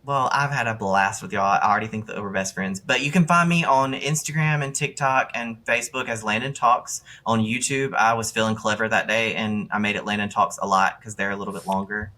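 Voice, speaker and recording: Southern guy from mississippi, chatty and animated, lower voice but bright tone. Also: fairly quick, hardly any pauses. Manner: chatty, animated, many fillers. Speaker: podcast guest. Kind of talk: casual interview chat.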